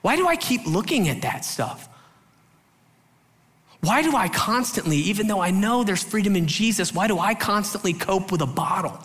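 Man, pastor, sermon, candid storytelling, fairly high voice, long hall reverb. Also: expressive, normal speed, fairly bright tone. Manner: candid storytelling with acted quotes; loose, filler-heavy talk.

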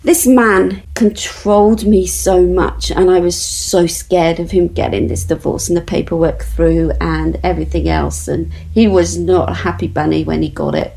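A woman's voice: on the low side, steady tone, normal speed, creaky, hardly any pauses, warm tone, rough recording. A woman guest earnestly telling a personal story in a conversation.

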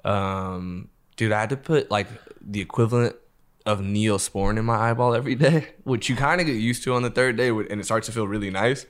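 Animated young guy spinning a profane story. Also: fairly low pitch, fairly quick. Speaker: podcast guest. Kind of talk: casual storytelling. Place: podcast studio.

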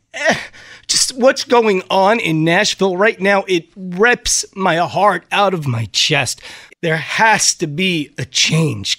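A middle-aged man on the radio, speaking in a raw and openly upset voice that sits fairly high for a man. His studio sound is close and dry, with no room around it. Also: pushed and bright, no room sound. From United States. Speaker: radio host. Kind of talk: emotional on-air talk. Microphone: studio microphone.

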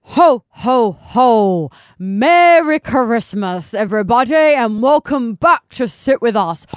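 A woman doing a loud jolly Santa. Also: expressive, slow pace, clean tone, no echo, studio quality, faint music behind. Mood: jolly booming. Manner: loud booming ho-ho-hos. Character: jolly male Santa Claus. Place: podcast studio.

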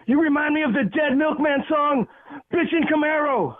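Guy with a really high voice roasting people over the phone, snarky. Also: phone-quality sound. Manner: mocking, fast roast delivery. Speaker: caller. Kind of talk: comedic rant call with singing.

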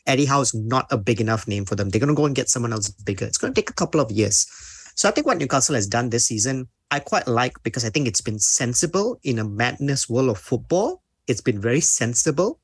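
A man on a football panel show, giving measured, reasoned analysis of a team. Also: medium pitch, slightly rough, no room sound. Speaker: football pundit.

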